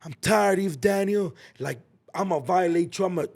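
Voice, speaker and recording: A man voicing an exasperated male probation officer who scolds loudly in a raised, higher voice. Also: normal speed, creaky. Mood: fed up. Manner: yelling, scolding.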